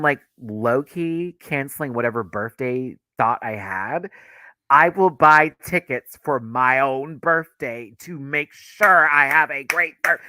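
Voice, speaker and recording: A man hosting a livestream, chatting casually as an excitable fan who gushes and laughs often. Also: a little high, dry recording. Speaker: livestream host.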